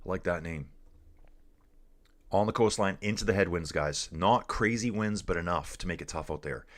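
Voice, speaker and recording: A man's voice: deep voice, normal speed. A man from Canada hosting a casual live cycling stream, reading viewer comments aloud and chatting in a laid-back way, calling everyone dude.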